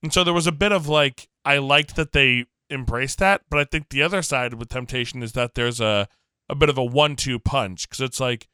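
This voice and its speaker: A male podcast co-host in casual, animated chat, laughing easily and slipping into quoted voices. His voice is bright and crisp, recorded close and dry with no room sound. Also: mid-range voice, a little fast, no room sound.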